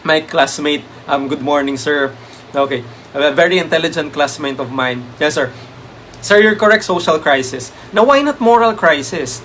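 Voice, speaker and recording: A man's voice: fairly high pitch, moderate pace, a bit bright, slight background noise. Filipino man reviewing exam items. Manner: Taglish code-switching, many "um" fillers; thanks viewers by name. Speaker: review lecturer. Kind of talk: live-stream exam review.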